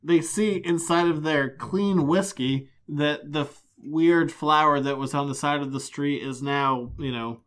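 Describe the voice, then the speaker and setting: A man's voice: a little high, fairly even intonation, a little slow, hardly any pauses, fairly bright tone. A man co-hosting a podcast, recapping comics in casual chat with wry, sarcastic asides. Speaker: podcast co-host.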